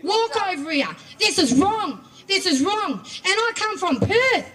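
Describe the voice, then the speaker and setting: A woman's voice: extremely high pitch, big pitch swings, measured pace. An Australian woman from Western Australia giving an impassioned, confrontational protest speech at an outdoor rally. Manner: forceful, confrontational, repetitive emphasis. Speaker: rally speaker. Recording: crowd noise around a rally. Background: crowd.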